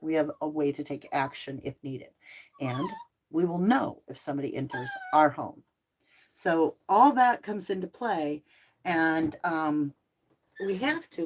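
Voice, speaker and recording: Middle aged lady doing a chatty livestream, bit low voice, talks back to the chat. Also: slightly rough. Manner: chatty, reads out viewer comments. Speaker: livestream host.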